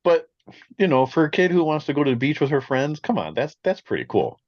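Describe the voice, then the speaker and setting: Animated man telling a story, dull lo-fi sound. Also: on the high side, fairly quick, no echo. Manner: animated storyteller who laughs often. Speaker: podcast co-host. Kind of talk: casual chat.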